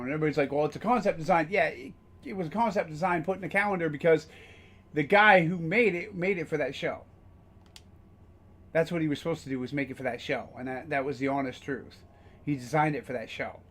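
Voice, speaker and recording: A man with a fairly high, slightly bright voice casually streams a game. His commentary rambles, with frequent fillers and the odd curse.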